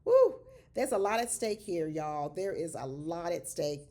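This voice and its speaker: A woman giving casual, animated commentary on a reality show, exclaiming and talking straight to her viewers as y'all. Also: sits low, a little slow.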